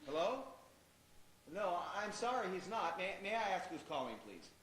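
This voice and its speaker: A man's voice: high-pitched, sing-song, normal speed, fairly bright tone. A man playing a flustered, exasperated party guest. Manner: exasperated, stammering. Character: flustered man fielding calls at a chaotic party. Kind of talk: live stage acting. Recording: roomy stage recording with background noise.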